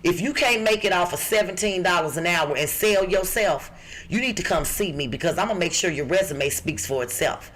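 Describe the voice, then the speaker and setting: A middle-aged woman from the Midwest with a rough-edged voice, co-hosting a podcast and reading out job listings in a brassy, emphatic, joking way. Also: fairly low pitch, fairly quick, a bit bright. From Chicago. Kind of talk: lively podcast chat.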